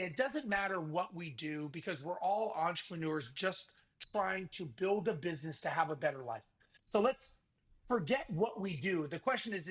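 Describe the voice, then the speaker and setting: A man talks as a podcast guest in a casual, energetic interview. His voice sits high, and he pitches with a salesman's drive, acting out bits of dialogue as he goes. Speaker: podcast guest, event organizer.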